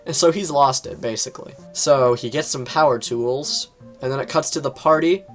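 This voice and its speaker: A man casually reviewing books on his channel, rambling, with lots of fillers and quick jumps in pitch. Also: faint music behind. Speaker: book reviewer.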